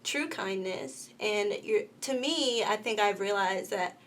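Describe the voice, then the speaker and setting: A woman in her twenties co-hosting a panel talk show, reflective and measured as she shares her view. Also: mid-range voice. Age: 20s. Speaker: co-host. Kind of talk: casual panel chat.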